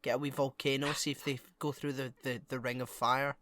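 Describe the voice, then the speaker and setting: A man co-hosting a podcast, chatting playfully with quick jokey asides. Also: medium pitch, little pitch movement, a bit bright, no echo. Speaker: podcast co-host. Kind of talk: casual chat.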